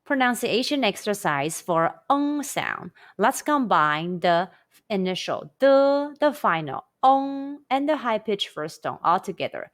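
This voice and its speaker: A woman teaching a scripted pronunciation lesson, saying sounds slowly and carefully for the listener to repeat. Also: mid-range voice, sing-song. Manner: slow, careful, model pronunciations. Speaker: Chinese language teacher.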